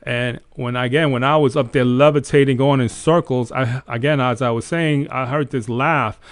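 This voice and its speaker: A man's voice: mid-range voice, moderate pace, dry recording, studio quality. A man hosting a faith show, telling a dream story in an earnest, casual way. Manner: earnest storytelling, animated retelling. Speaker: host. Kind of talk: casual testimony.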